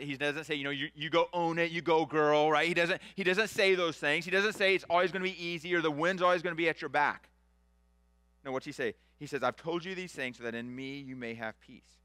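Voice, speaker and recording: Bright, crisp-voiced man preaching. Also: mid-range voice, dry recording. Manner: conversational preaching, swings from loud animated to hushed soft. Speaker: pastor. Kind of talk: sermon.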